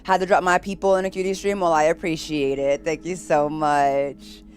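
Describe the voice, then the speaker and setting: A bubbly, giggly woman reads viewer messages during a casual live stream, speaking in a lowish voice and laughing often. She leaps from loud, excited greetings to quiet murmured asides while faint game music plays underneath.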